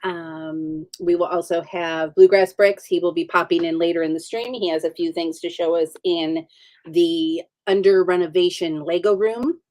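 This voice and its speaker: A woman with a slightly low voice hosts a casual livestream chat. She talks in an upbeat, chatty way, with plenty of ums between thoughts. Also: fairly even intonation, moderate pace, darkish tone. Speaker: livestream host.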